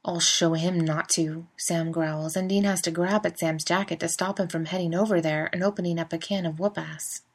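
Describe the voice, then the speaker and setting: Woman reading a story in a slightly low voice. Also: fairly even intonation, a little fast, hardly any pauses. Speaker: reader. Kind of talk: fan fiction audiobook reading.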